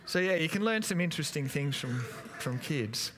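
Chatty pastor preaching. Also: male voice, on the high side, animated, normal speed, fairly bright tone. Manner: chatty, anecdotal, hesitant with many fillers. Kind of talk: sermon. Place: church.

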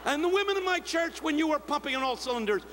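An older man preaching a sermon to a big crowd, telling stories and acting out the shouts of others. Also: very high-pitched, expressive, fast. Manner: storytelling, mimicking shouts of others. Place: large convention hall. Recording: echoey hall with faint hum.

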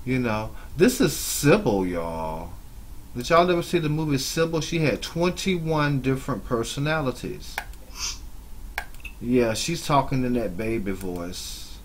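A man giving mocking reaction commentary on another streamer's clip, scolding her with drawn-out asides. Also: medium pitch, expressive, slight background noise. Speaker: YouTube commentator.

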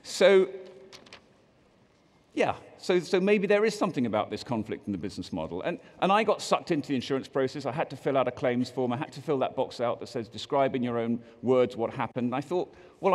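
A lively British man delivers a keynote speech, his pitch swinging widely as he jokes with the audience. His voice carries a long hall reverb from a large conference room. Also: fast. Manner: lively, joking presenter who reads out quotes in put-on voices. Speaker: conference co-chair giving a keynote.

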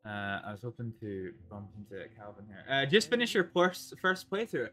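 A Scottish man roleplaying live on a game stream, chatting with many fillers and pauses. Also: lowish voice, sing-song, bright, forceful tone. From Scotland.

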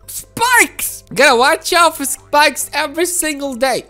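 A woman giving excited gameplay commentary, gasping and laughing as she talks to her viewers. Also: high-pitched, slow pace, soft background music. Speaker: gameplay video host.

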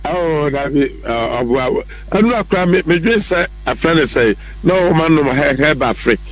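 Emphatic and argumentative, a Ghanaian political commentator makes his case on a talk show, repeating points and using English words along the way. His fairly high voice is expressive and measured in pace, captured on poor audio.

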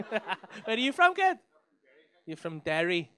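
A young man works the crowd at a comedy club, swearing freely and teasing people in the front rows. His voice sits high and sounds bright and sharp. His pitch swings widely from line to line. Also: very animated, unhurried. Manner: sweary, teasing banter with the audience. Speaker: stand-up comedian. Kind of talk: crowd work stand-up.

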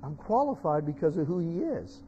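A man preaching a sermon as pastor, telling stories and building to loud, emotional preaching. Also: on the high side, very animated, moderate pace, a little hiss or hum. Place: church sanctuary. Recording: dull sound in a reverberant church hall.

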